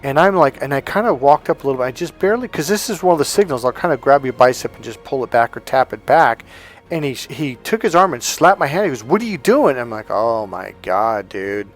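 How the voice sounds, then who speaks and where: A man's voice: fairly high pitch, lively intonation, fast talker. Emphatic male dating coach, faint music. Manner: emphatic, storytelling, acts out quotes. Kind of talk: coaching monologue with anecdotes.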